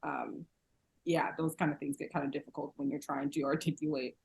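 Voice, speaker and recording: A woman with a low, husky voice talks through an easygoing interview, laughing often and filling pauses with "um" and "like." She sounds relaxed and open, as if chatting with a friend. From San Diego, USA. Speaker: podcast guest. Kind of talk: casual interview conversation.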